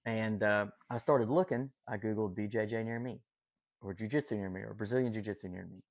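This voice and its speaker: A man's voice: fairly low pitch, steady tone, fairly quick, no echo. Folksy Southern Appalachian man. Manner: enthusiastic, folksy, lots of fillers. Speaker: podcast guest. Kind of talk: casual storytelling chat.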